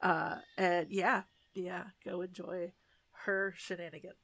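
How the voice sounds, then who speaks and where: Gravelly-voiced woman chatting casually. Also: fairly low pitch, takes it slowly, no echo. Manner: chatty, animated, swears casually. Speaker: podcast co-host. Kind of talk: casual chat.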